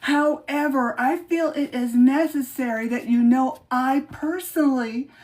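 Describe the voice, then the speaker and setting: Brief: woman acting out an indignant letter writer, high and piercing, unhurried, dripping with melodrama. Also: a little mellow. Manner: shrill, melodramatic, self-righteous. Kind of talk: dramatic reading.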